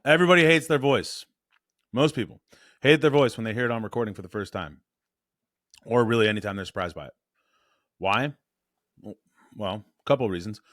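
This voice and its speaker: A man coaching on voice and presence in a blunt, animated, casual way, correcting himself as he goes. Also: lowish voice, a little fast, long pauses, dry recording, clean studio sound.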